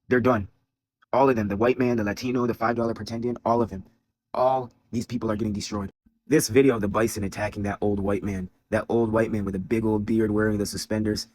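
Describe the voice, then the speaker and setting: A man's voice: on the low side, darkish tone. A man delivering an angry, preachy commentary monologue, profane and repeating his phrases for emphasis. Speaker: video commentator. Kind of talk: heated religious commentary monologue.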